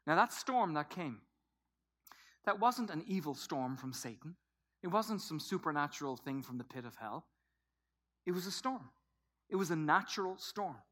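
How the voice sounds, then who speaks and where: Bright-voiced pastor man, dramatic whispers. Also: on the high side, expressive, normal speed, pauses often. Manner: dramatic, swings between soft whispers and loud emphatic bursts. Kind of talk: sermon.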